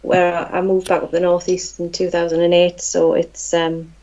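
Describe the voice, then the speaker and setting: A middle-aged woman with a Geordie accent, speaking as a podcast guest. She talks hesitantly and tones her accent down. Her voice is a little low, and the recording sounds slightly dull. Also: completely flat delivery, moderate pace, mellow. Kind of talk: casual podcast chat.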